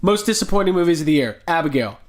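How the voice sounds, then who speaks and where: A man's voice: fairly high pitch, expressive, fast talker. A young man hosting a film podcast, steering the talk with jokes and self-mocking asides. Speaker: podcast host. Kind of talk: casual chat.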